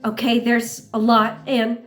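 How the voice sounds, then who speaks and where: A woman voicing a grown man who dodges questions, speaking quietly and hesitantly. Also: on the high side, completely flat delivery, measured pace, soft background music, close to an everyday voice. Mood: evasive. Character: adult man evading hard questions, subdued.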